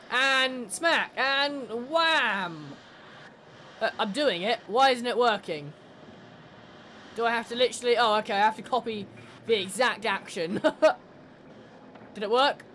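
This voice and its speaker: With slight background noise behind her fairly high, somewhat bright voice, a woman gamer provides let's play commentary on a horror game. She's sarcastic throughout, swearing and laughing at the characters.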